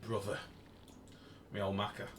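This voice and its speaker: A man's voice: lowish voice, monotone, moderate pace, noisy background. A British man streaming a game, chatting casually and joking at his own expense in an echoey room. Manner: self-mocking, chatty, joking with chat. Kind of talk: casual gameplay commentary.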